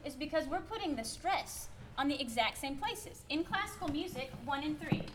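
A woman's voice: high-pitched, expressive, normal speed, recorded from a distance. A woman from Minnesota with a Minnesotan accent, giving a chatty piano lesson with playful emphasis and laughing asides. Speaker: piano teacher. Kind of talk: workshop lesson on piano playing.

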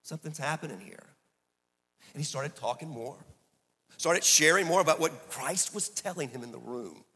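Middle-aged guy preaching, telling a story, bright forceful voice, goes quiet then loud, big echoey hall. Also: on the high side, moderate pace, breathy edge. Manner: animated, swinging from hushed to emphatic. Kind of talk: sermon storytelling.

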